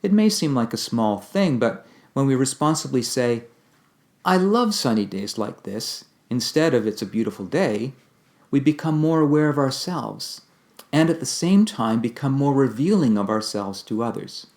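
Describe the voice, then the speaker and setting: A man giving a calm, measured instructional talk on communication, explaining ideas step by step. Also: medium pitch. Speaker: communication teacher.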